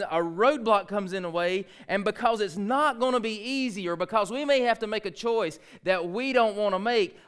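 A man preaching a sermon in church, swinging between loud emphasis and hushed asides and acting out prayers. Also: sits high, clear, resonant tone. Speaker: pastor.

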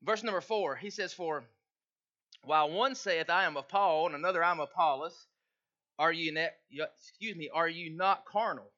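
A pastor, a man, preaches in a folksy, conversational way and reads scripture aloud. His voice sits high and sounds bright. The recording is muffled and lo-fi. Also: normal speed. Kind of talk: sermon.

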